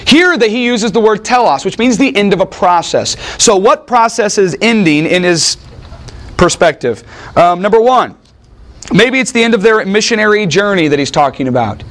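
A man delivers a sermon with a bright, higher-pitched voice. He preaches in an animated, conversational style, tossing in wry asides to the room. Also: moderate pace. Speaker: pastor.

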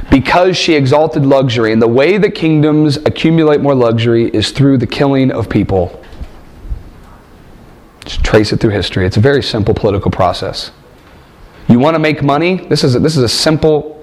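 Emphatic man preaching a sermon. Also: mid-range voice. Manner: emphatic, rhetorical questions, repeats phrases for stress. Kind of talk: sermon with scripture reading.

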